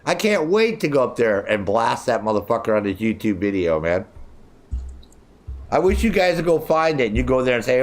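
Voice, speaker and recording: A man's voice: mid-range voice, sing-song, moderate pace. A man in his sixties streaming a video game, ranting angrily and swearing constantly at rivals who kicked him off their chat. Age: 60s. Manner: angry, profane, ranting; mimics others in mocking voices. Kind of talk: profane live-stream rant.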